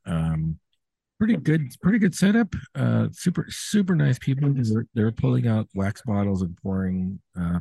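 A man's voice: deep voice, creaky, dark tone, slightly rough, dry recording. A man hosting a podcast from a brewery taproom over a laptop video call, chatting casually over beers with lots of fillers and restarts. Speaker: podcast host.

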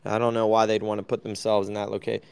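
A man's voice: fairly low pitch, completely flat delivery, fast, gravelly, darkish tone, smooth. A man hosting a casual crypto chat, blunt and offhand.

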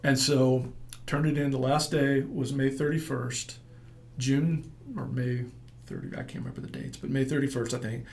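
A middle-aged man with a gravelly, rough edge tells his story in a relaxed interview. He rambles and acts out what others said to him. His pitch sits in an ordinary middle range. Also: moderate pace, a little hiss or hum. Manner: rambling, animated storyteller acting out quotes. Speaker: entrepreneur guest.

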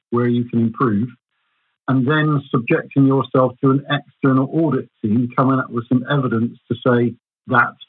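A man, a business consultant, explaining his points in a measured way through everyday examples. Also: medium pitch, husky. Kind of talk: explaining in a podcast conversation. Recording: tinny phone-like line.

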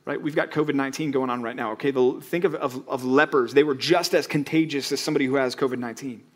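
A man's voice: mid-range voice, steady tone, quick pace. A man preaching a sermon as pastor, conversational, asking rhetorical questions and acting out quotes.

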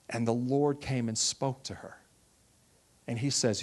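Speaking a little slowly in a mid-range voice, the man, a Texan who heads a ministry, relates his personal testimony in a sermon. His delivery is animated, and he voices the people he quotes.

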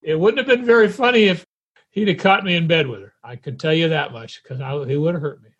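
A man's voice: fairly high pitch, fairly quick, fairly bright tone, slightly rough, muffled recording. A man as a guest on an interview podcast, talking reflectively about his past. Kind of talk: conversational interview.

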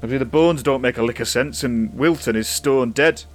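A man's voice: medium pitch, normal speed, soft background music, natural voice. A man voicing a harried middle-aged male police chief who grumbles in a flustered way.

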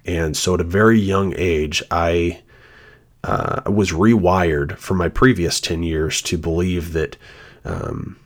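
A man's voice: deep voice, slow pace. A man hosting a devotional podcast, speaking in an earnest, reflective way and sharing his own story. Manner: earnest and reflective, shares personal testimony. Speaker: podcast host.

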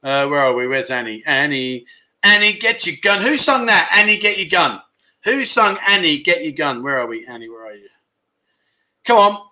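A man's voice: a little high, expressive, moderate pace, pushed and bright. A middle-aged man, hosting a casual livestream, chatting with viewers and calling them mate. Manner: chummy banter, calls viewers "mate" and "my friend". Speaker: livestream host. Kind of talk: casual livestream chat, reading viewer comments. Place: home.

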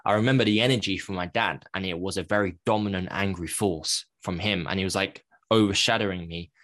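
Speaking fairly quickly with a fairly bright tone, a man with a low voice shares a personal story on a podcast, reflective and open, frequently correcting himself partway through sentences. The recording is close and dry, without echo or room sound.

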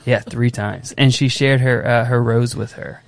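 A young man on a casual podcast, an emotional, animated storyteller who acts out his little daughter's lines. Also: mid-range voice, a little slow, gravelly, no room sound. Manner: emotional, tears up easily. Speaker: podcast co-host. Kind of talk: casual chat.

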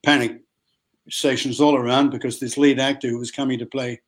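An older man with an Australian accent, telling a lively anecdote at a convention and acting out the voices of others. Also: medium pitch, brisk. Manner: lively storyteller who acts out other people's voices. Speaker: actor telling a story. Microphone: video call.

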